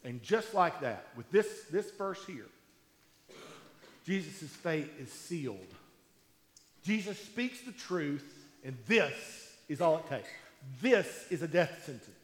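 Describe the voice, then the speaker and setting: A man preaching a sermon in a conversational storytelling way, with emphatic pauses, in a large hall. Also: a little high, sing-song. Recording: echoey hall with long reverb.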